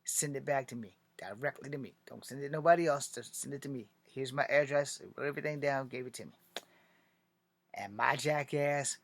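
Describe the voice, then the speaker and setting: With a medium pitch and a slightly fast pace, free of echo, the Virginian hopeful filmmaker keeps going with his long, laid-back personal tale. Profanity is frequent, and he animatedly plays out quoted conversations.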